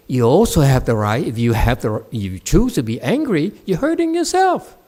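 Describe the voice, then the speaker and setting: A man teaching meditation, blunt and scolding, who mocks his students' excuses and swings between loud outbursts and quiet muttering. English is not his first language. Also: mid-range voice, big pitch swings, moderate pace, hardly any pauses. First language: Chinese. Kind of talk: dharma talk answering students.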